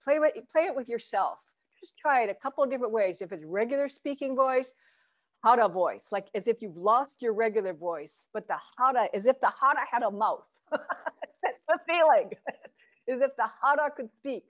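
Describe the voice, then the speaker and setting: Speaking at normal speed with lively intonation, a woman hosts a Zen chanting workshop via video call. She demonstrates chants and low belly vowels, guiding the group with encouragement and a light laugh here and there.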